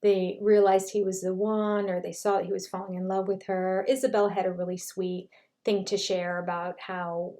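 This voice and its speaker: A woman's voice: lowish voice, darkish tone. An older woman reviewing a reality show in casual commentary, retelling scenes in a chatty way and quoting what people said.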